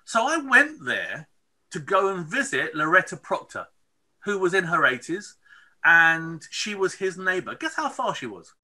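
A middle-aged man with a notably bright, ringing voice, spinning an animated tale for an interviewer. He sits a little above the usual male pitch and keeps tagging his sentences with quick "okay?" and "right?" check-ins. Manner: expressive, lots of "okay?" and "right?" asides. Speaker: interview guest, filmmaker. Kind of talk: animated storytelling.

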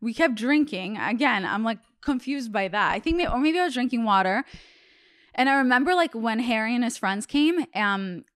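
Young woman host with smooth voice, rambling. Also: a little high, lively intonation, normal speed, fairly bright tone, no room sound, studio quality. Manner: rambling storytelling, heavy "like" fillers. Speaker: podcast host. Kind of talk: casual chat.

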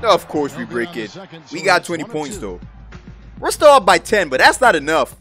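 A young man calls his basketball video game as he plays, hyped and boastful. His voice sits high and swings widely in pitch. Soft background music plays under him. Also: wildly swooping pitch, moderate pace. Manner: hyped, exclaiming, trash-talking. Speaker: gaming YouTuber. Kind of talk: excited gameplay commentary.

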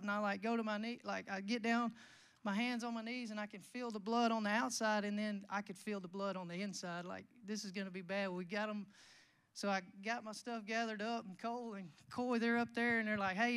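A man's voice: sits high, a bit bright, smooth. A young man preaching a sermon, telling a folksy, rambling story full of restarts and quoted dialogue.

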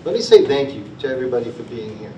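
Speaking rapid-fire in a mid-range voice with big swings in pitch, this man addresses a town meeting in a school auditorium over a noisy background. His prepared presentation is earnest and heartfelt, built on repeated rallying phrases, and emotion chokes him up now and then. The auditorium recording sounds distant, roomy and dull.

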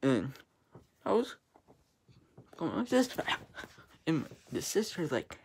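Slow-talking ranting woman vlogger. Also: sits low, big pitch swings, darkish tone, breathy edge. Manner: annoyed, ranting, swearing. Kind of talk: ranting vlog.

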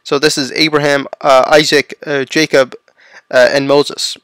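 A man's voice: fairly high pitch, little pitch movement, unhurried, a bit bright, clear, resonant tone, no echo. A man reading a religious text aloud and explaining it in plain asides, checking in with the listener as he goes. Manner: reads passages aloud, then adds plain explanatory asides; checks in with the listener using "right?" and "okay?". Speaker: religious lecturer.

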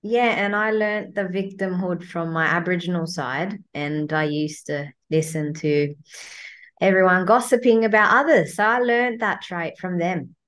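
A woman's voice: fairly low pitch, a little slow, fairly bright tone. A woman, a guest coach, talking bluntly and swearing freely as she acts out her inner voice in a casual chat.

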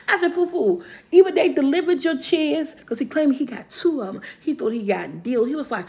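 High-voiced woman telling a funny story. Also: a little fast, hardly any pauses. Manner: animated, laughing often, rising into high squeals when quoting. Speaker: vlogger. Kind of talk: casual storytelling to viewers.

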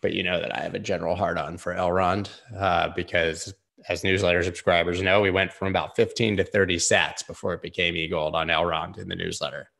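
A man's voice: low voice, fairly even intonation, fairly quick, creaky, a bit bright. A man hosting a casual live-stream chart analysis. He rambles loosely, leans on filler words and swears freely. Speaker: host.

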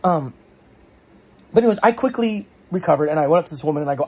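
A man's voice: on the high side, lively intonation, quick pace, long pauses, husky. A man telling a frustrating story in a casual vlog, rambling and self-questioning, his voice a bit congested from allergies. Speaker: vlogger.

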